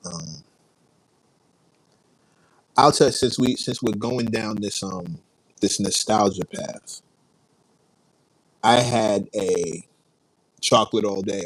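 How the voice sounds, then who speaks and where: A man's voice: lowish voice, takes it slowly, long pauses, slightly rough, poor audio. Laid-back New man chatting live. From New York. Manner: rambling, laid-back, reads and answers chat. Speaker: livestream host. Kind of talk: casual livestream chat.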